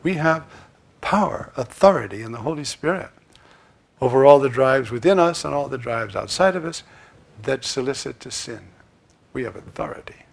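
A man preaching a sermon, swinging from loud, emphatic lines to hushed asides. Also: medium pitch, expressive, normal speed, vocal fry.

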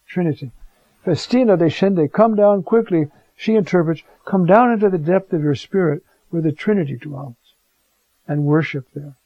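A man's voice: fairly high pitch, normal speed, no echo. A man preaching a conversational homily, animatedly acting out the scene he tells. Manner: animated, acts out the Gospel scene in voices. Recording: dull, lo-fi recording.

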